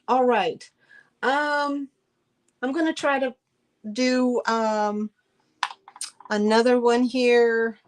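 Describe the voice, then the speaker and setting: There's a slight hiss or hum behind this middle-aged woman, whose voice sits on the high side. Hosting a live-stream sale, she chats with viewers in an effusive way, full of fillers and restarts.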